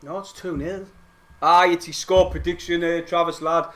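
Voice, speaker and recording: An excitable young man calls a football match live for his viewers. His voice sits fairly high, and he swears freely and talks straight to the chat. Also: moderate pace. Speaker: football fan streamer commenting on a live match. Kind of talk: casual live match commentary.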